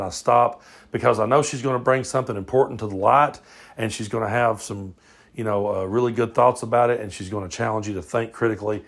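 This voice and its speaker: Gravelly Southern man, laid-back host. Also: fairly low pitch. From southern United States. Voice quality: drawling, loose, swears freely. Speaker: podcast host. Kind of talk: casual podcast monologue. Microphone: phone.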